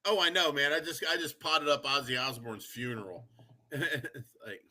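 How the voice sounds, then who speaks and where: A man's voice: fairly high pitch, moderate pace, bright, forceful tone. A man co-hosting a podcast, chatting casually, profane and rambling, laughing as he tells customer stories. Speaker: podcast co-host. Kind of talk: casual chat.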